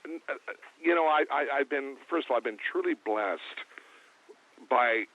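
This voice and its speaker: A man's voice: medium pitch, moderate pace. Laid-back man on a tinny phone line. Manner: relaxed, joking, hesitant with fillers. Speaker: guest drummer. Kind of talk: casual interview.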